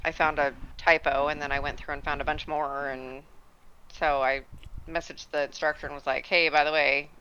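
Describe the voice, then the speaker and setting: Gravelly, bright-voiced man fretting. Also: a little high, normal speed, muffled recording. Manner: fretful, animated storytelling. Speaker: gaming stream crew member. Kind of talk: casual chat on voice call. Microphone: voice call headset.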